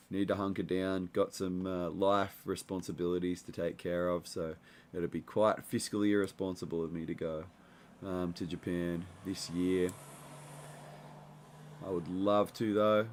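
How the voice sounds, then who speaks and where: A young man, hosting a casual livestream and chatting loosely with lots of fillers. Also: low-pitched. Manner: relaxed, rambling, many fillers. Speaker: livestream host reading chat. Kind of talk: casual live chat.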